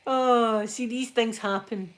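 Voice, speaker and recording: This one features a Scottish woman chatting and laughing with viewers as she irons during a casual ASMR live stream from home. The pitch is fairly high, the tone steady, and the pace slow.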